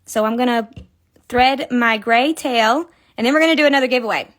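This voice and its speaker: A woman's voice: a little high, a little fast, a bit bright. A young woman hosting a casual live crochet tutorial, chatty, counting stitches aloud and laughing often. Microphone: phone.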